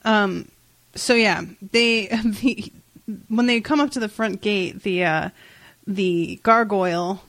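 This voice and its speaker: A woman co-hosting a casual comic-book podcast, recapping a story in an animated way with frequent swearing and laughter. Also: mid-range voice, slow pace, no room sound. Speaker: podcast co-host.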